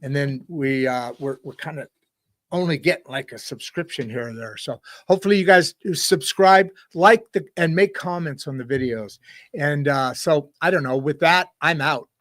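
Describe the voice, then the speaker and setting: A middle-aged man hosting a podcast, talking casually to viewers in a rambling, halting way with many restarts. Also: fairly high pitch, a bit bright, dry recording. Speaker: podcast host. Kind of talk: casual solo talk to viewers.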